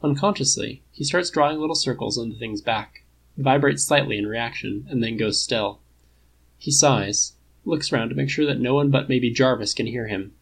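A man's voice: medium pitch, moderate pace, vocal fry, slightly rough, low-quality recording. A man narrating a fan-fiction story in a casual, wry reading style. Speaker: podfic reader.

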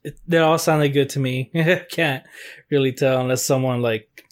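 Male podcast co-host, mid pitch, relaxed and giggly. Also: moderate pace. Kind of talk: casual chat.

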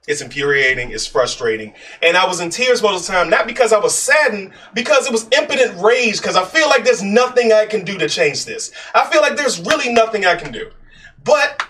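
A man's voice: high voice, pushed and bright, recorded from a distance. A man in his thirties, co-hosting a podcast, talking in a rambling, emotional way and laughing often. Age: 30s. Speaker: podcast co-host. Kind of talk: casual podcast chat.

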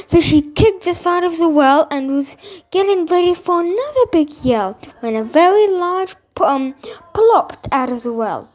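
A woman reads a fairy tale aloud in a high, bright-sounding voice. Her pitch swoops up and down expressively. She trips over words and restarts, unrehearsed. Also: animated, normal speed, low-quality recording. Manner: unpolished read-aloud with slips and restarts. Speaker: storyteller.

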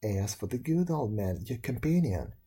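A man voicing a kindly old countryman who speaks in a brisk, reassuring way. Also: medium pitch, big pitch swings, mellow, slightly rough.

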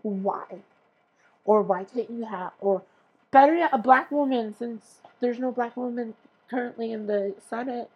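Husky woman ranting profanely on a podcast. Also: a little high, measured pace, lo-fi sound. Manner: profane, exasperated, sarcastic ranting. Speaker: podcast host. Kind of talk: casual ranting monologue.

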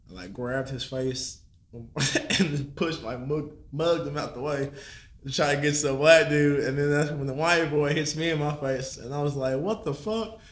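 A man's voice: a little high, moderate pace, echoey room. A man casually telling a story on a podcast, laid-back and slangy, laughing and swearing as he goes. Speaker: podcast guest.

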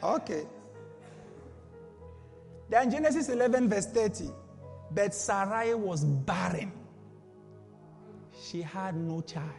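High-voiced emphatic male preacher. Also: expressive, takes it slowly, vocal fry, long pauses, a little mellow, in a large hall, faint music behind. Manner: emphatic, repetitive, rhetorical questions. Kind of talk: sermon.

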